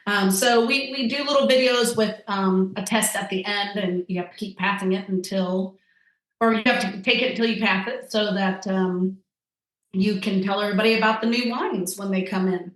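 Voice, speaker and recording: A woman's voice: medium pitch, fairly even intonation, normal speed. A woman chatting casually as a podcast guest, rambling with lots of fillers. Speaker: guest, tasting-room wine server. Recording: echoey room.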